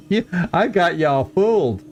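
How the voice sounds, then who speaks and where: A man's voice: high-pitched, dull audio, a little hiss or hum. A middle-aged man giving chatty, rambling commentary while playing a game, chuckling often. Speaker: let's play host. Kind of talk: casual gameplay commentary.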